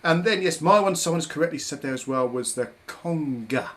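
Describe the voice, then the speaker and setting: A man hosts and facilitates a live online drumming workshop from home over webcam, chatty and cheerful as he counts rhythms aloud. His voice is a little high, expressive, fairly quick, and fairly bright, with drums audible behind him.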